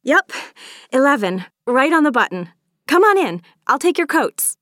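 A woman voicing an eager, excitable young girl who welcomes her guests in an audiobook. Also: medium pitch, moderate pace, no room sound, studio quality, voice pushed up. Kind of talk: audiobook character reading.

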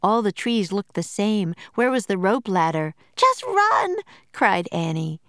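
A woman narrating a children's storybook in a slow, measured and clear manner. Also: medium pitch, no room sound, clean studio sound.

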